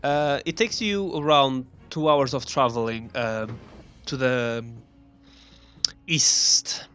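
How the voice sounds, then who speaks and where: A man narrating as game master of a tabletop game over a voice call, with many pauses and fillers. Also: medium pitch, a bit bright, soft background music. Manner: laughs often, hesitant narration with fillers.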